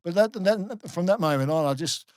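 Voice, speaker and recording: Aussie bloke telling a long story on a podcast, lots of um and like, dry sound. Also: male voice, high voice, moderate pace, no echo. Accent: Australian. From Australia. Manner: animated storyteller, many fillers and restarts. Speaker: guest, former rugby league player. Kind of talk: casual storytelling in a podcast interview.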